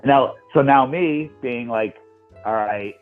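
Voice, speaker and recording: Man on a tinny call, animated storyteller. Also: medium pitch, slow, faint music behind. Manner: animated storyteller, repeats words. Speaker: guest. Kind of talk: casual chat.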